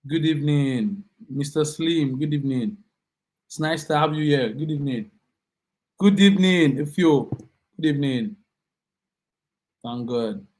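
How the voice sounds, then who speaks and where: Nigerian guy tutoring online, upbeat, says everything twice, bit of a higher voice. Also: a little slow, long pauses, darkish tone, rough recording. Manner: upbeat, repeats words, chatty asides. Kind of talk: live online class, greeting students.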